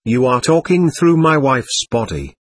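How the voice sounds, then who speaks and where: A man reading the part of a patient doctor who questions and lectures a spirit in a séance record, with a husky voice. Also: mid-range voice, big pitch swings, unhurried, dry recording. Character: calm, firm male doctor questioning a spirit. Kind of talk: reading a séance transcript aloud.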